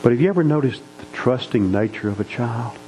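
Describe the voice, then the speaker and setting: A man's voice: medium pitch, animated, a little fast, warm tone, a little hiss or hum, rough recording. A middle-aged man preaching, telling family stories in a folksy, earnest way. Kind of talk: sermon storytelling.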